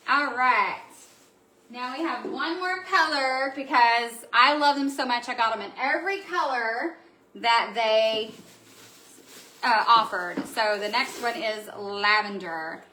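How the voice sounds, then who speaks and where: A woman chats through a casual live stream from her home. She gushes over each item and answers viewer comments. Her voice is bright and forceful, and sits a little high. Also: takes it slowly. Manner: gushing, chatty, reads out viewer comments. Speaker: host of a live craft supply show. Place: indoor room at home.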